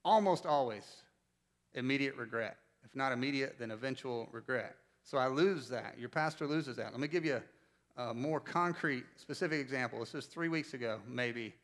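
A man's voice: mid-range voice, moderate pace. A man in his forties from North Carolina preaching a sermon as pastor, telling stories conversationally and asking the congregation questions. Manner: conversational storytelling, animated, asks the congregation questions.

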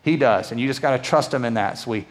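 A man preaching as a pastor, telling a Bible story in a conversational, animated way. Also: mid-range voice, rapid-fire. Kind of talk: sermon. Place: church auditorium. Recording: echoey hall reverb.

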